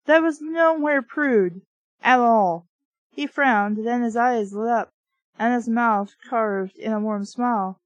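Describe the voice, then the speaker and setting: A woman's voice: a little high, slow, no room sound, highs cut off. A woman reviewing a book by reading it aloud, breaking off for wry, sarcastic asides. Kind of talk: reading aloud with comic commentary.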